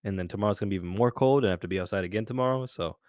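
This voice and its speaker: Tired low-voiced young man. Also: rapid-fire, a little mellow, no room sound, clean studio sound. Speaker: podcast co-host. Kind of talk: casual chat.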